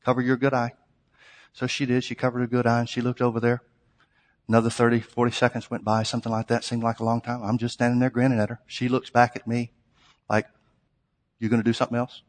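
Male preacher, mid-pitched, chatty anecdotes building to forceful exhortation; reverberant hall sound. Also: completely flat delivery, quick pace. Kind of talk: sermon with storytelling.

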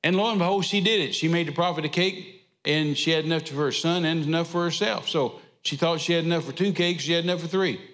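A man's voice: on the high side, quick pace, fairly bright tone, long reverb tail. A man preaching a sermon, retelling scripture with an emphatic, repetitive cadence. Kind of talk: sermon storytelling. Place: church sanctuary.

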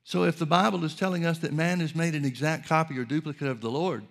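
A man preaching a sermon in a measured way, reading scripture aloud and explaining it. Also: a little high, steady tone, gravelly.

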